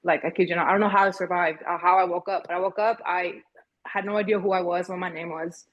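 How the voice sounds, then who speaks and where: A woman in her thirties recounts hard personal experiences as a podcast guest. Her voice is husky and her speech halting, with frequent restarts as she searches for words. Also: fairly low pitch, steady tone, dull audio. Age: 30s. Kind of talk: emotional personal storytelling.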